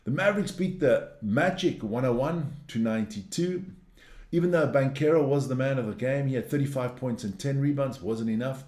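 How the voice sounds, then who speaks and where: A man's voice: mid-range voice, normal speed, a little mellow, roomy sound. A man hosting a sports news show, reading through results in a casual, blunt and opinionated way, ranting and cursing as he goes.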